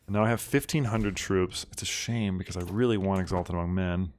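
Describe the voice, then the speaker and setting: A man hosting a strategy game playthrough, chatting casually and bursting into loud mock outrage and cheering. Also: deep voice, brisk, few pauses. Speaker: gaming video host. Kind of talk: casual let's-play commentary.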